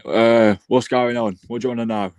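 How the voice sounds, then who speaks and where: A man's voice: medium pitch, fairly even intonation, brisk, darkish tone, smooth, no echo. A man giving blunt, opinionated takes as a guest on a casual football chat stream. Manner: blunt, opinionated, building a case. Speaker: guest pundit.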